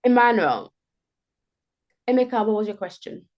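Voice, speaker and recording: Playful, animated woman coaching on a call. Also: a little high, normal speed. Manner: animated, playful, demonstrates answers aloud. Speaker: career coach. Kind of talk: live group coaching call.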